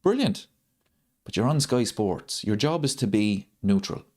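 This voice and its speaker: In a fairly low, darkish voice at a moderate pace, a man runs a live football watchalong stream. He rants, circling back to the same points to stress them.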